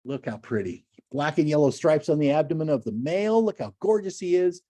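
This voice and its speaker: An older man giving a lively, enthusiastic slide lecture to a club, full of chatty asides and gushing praise. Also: a little high, brisk, dry recording. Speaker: naturalist lecturer.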